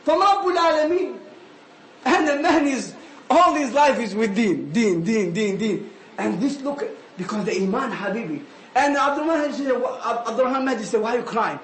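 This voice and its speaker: A man giving an animated sermon, often calling listeners "habibi". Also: very high-pitched, moderate pace. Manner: animated, switching between English and Arabic phrases, calling listeners "habibi". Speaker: preacher. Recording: echoey room with faint ambient noise.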